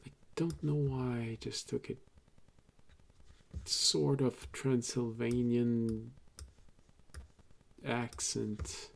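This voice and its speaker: A man's voice: medium pitch, little pitch movement, drawn-out words, vocal fry, long pauses. A man from French-speaking Canada, a native French speaker, chatting casually in English while building a map on stream, rambling and muttering to himself. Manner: rambling, mutters under his breath. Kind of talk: casual chat while working.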